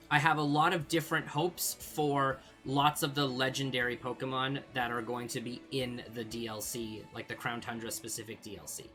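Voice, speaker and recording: Bright-voiced young man answering questions. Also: medium pitch. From Canada. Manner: rambling, hesitant, many fillers, laughs easily. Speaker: channel host answering viewer questions. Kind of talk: casual Q&A vlog.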